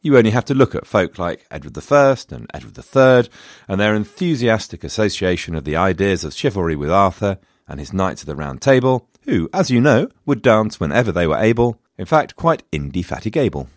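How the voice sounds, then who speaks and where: A low-voiced man narrates history for his listeners with a dry, playful wit. His delivery swings with lively expression, and he cheerfully wanders off into self-mocking asides. The sound is close and dry. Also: fairly quick, no echo. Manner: wry, chatty, self-mocking digressions. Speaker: history podcast host.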